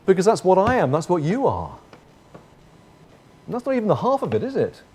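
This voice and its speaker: Male pastor, higher voice, very lively delivery, earnest sermon, swings between loud and quiet. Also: a little fast, breathy edge. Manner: earnest, rises and falls from forceful to hushed.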